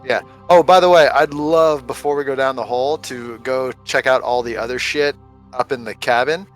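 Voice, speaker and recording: A man's voice: mid-range voice, normal speed, soft background music, low-quality recording. A man playing a tabletop game, chatting casually with the other players in a rambling, joking way and laughing often. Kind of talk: casual chat between players.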